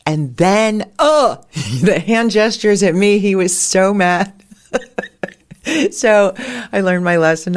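A woman hosting a podcast, telling casual stories in a chatty way and laughing often. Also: sits low. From United States. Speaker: podcast host. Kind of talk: casual storytelling monologue.

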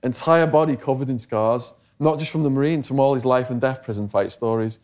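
A man's voice: mid-range voice, fairly quick, darkish tone, muffled recording. A middle-aged English man telling a long story in a casual interview, acting out the voices of the people he quotes. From England. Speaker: interview guest.

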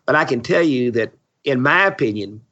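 Guesting on a podcast, a seventy-something real estate investor tells stories in a blunt, salty, opinionated manner during interview chat. He has a bright, forceful mid-range voice with lively intonation and a moderate pace, though the lo-fi recording is dull.

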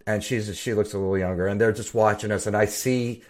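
A middle-aged man with a very low voice talks casually on a podcast. He tells rambling stories about playing bass and often restarts his sentences. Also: steady tone, brisk, a little mellow. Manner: rambling, self-interrupting storyteller. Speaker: podcast co-host and bassist. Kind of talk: casual chat.

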